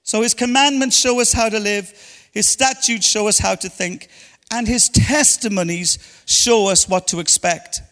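Man, pastor, sermon, playful with congregation, high voice, echoing church hall. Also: normal speed, fairly bright tone. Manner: playful, teasing banter with congregation.

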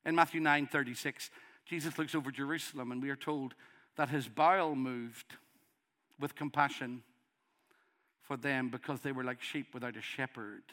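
A middle-aged man with a Northern Irish accent preaching a sermon, passionately, building to loud pleading. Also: mid-range voice, fairly even intonation, moderate pace. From Northern Ireland.

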